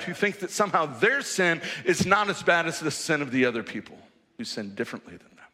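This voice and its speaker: A man preaching a sermon in a church hall, telling the story in a lively, conversational way. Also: fairly high pitch. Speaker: pastor. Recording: reverberant hall.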